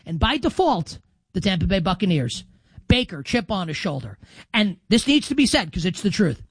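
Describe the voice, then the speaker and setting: A man in his thirties hosting a football predictions show, brash and animated, swinging from loud to soft for emphasis. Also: high-pitched, normal speed, husky, dry recording. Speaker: sports radio host.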